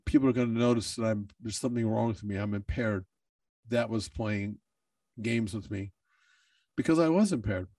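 A man's voice: on the low side, normal speed, warm tone, no room sound, far from the mic. A man who is a bodybuilder, talking in a candid personal monologue, emotional and swearing freely.

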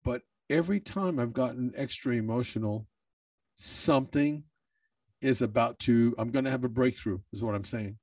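A man's voice: mid-range voice, normal speed, a little mellow, no echo, recorded from a distance. A man who is a bodybuilder, talking in a candid personal monologue, emotional and swearing freely.

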